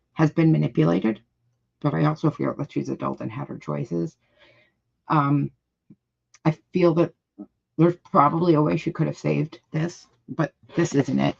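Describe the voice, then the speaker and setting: A woman with a gravelly, rough-edged voice talks through a live reaction stream, reading comments aloud and cutting in with blunt, indignant remarks and frequent swearing. The sound is dull and lo-fi, as on a home streaming mic. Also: sits low. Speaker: livestream reaction host.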